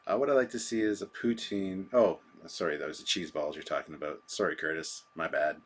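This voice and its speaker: A man's voice: deep voice, fairly even intonation, fairly quick, husky. A man hosting a live stream, chatting casually and rambling through viewer comments with a self-deprecating manner.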